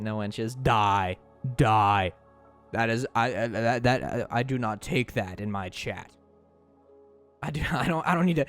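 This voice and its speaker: A young man streaming live, chatting playfully with his chat, laughing often and tripping over his words. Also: mid-range voice.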